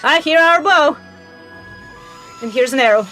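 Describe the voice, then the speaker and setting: Woman gamer, high voice, emotional, exclaiming commentary; cast a bright, reactive streamer. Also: lively intonation, a little slow, faint music behind. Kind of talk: game commentary.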